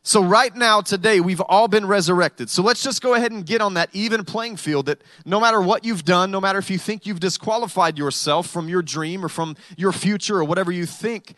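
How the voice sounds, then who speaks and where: A man with a high voice preaching a sermon, relaxed and chatty, and he drops jokes and stories into the message. The sound is dry and close, with no room echo. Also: brisk, few pauses. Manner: conversational preaching with humorous storytelling. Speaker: pastor.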